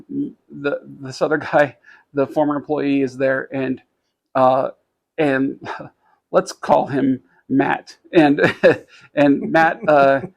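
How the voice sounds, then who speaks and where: A man co-hosting a podcast, telling a story in casual chat, rambling and halting with many fillers, lively when he quotes others. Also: medium pitch, vocal fry. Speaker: podcast co-host.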